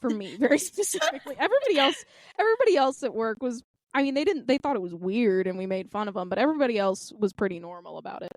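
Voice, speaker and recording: Her voice is fairly high, expressive, fast and darkish, on a dry recording. She's a woman in her twenties co-hosting a casual podcast, telling stories with intense drama and acting out the quotes.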